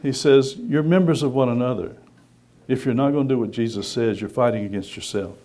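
Preacher, male, mid-pitched, animated sermon delivery full of rhetorical questions. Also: a little fast. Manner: lively, conversational, acts out voices and asks rhetorical questions.

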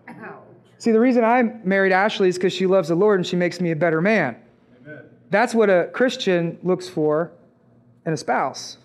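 High-voiced young male preacher. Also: normal speed, long pauses. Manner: conversational, acts out quoted voices, rises to loud emphatic peaks. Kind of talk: sermon with personal testimony.

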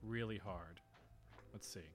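A man's voice: on the low side, measured pace, soft background music. A man co-hosting a podcast in playful, joking casual chat. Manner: joking, playful, laughs often. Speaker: podcast co-host.

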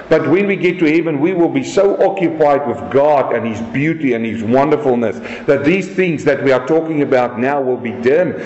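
Preacher, male, high voice, rhetorical, dull echoey recording. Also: darkish tone. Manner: rhetorical questions, emphatic scripture reading. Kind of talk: sermon. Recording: echoey room, dull sound.

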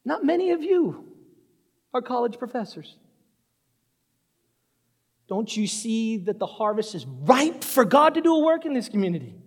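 A man preaching a sermon in a church sanctuary. He talks with animation and acts out Bible scenes in quick voices. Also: very high voice, big pitch swings, big-room sound.

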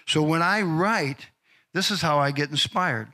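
A man's voice: fairly high pitch, measured pace, bright, forceful tone. A man preaching a heartfelt, earnest sermon as pastor of his church, often repeating himself.

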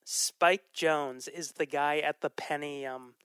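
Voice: mid-range voice, steady tone, slow pace, a bit bright, clear, resonant tone, no room sound. A podcast host in a casual movie chat, talking loosely with ums and frequent laughs. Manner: chatty, laughs often, trails off with ums.

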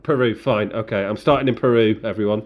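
Background noise accompanies this man's fairly low voice as he talks at a quick pace. He's a podcast co-host in a casual, rambling chat with lots of fillers and restarts.

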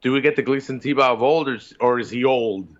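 Excitable man co-host on a dull, lo-fi mic. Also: mid-range voice, fast. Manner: excitable, swears casually. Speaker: podcast co-host. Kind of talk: casual chat. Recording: slightly dull lo-fi sound.

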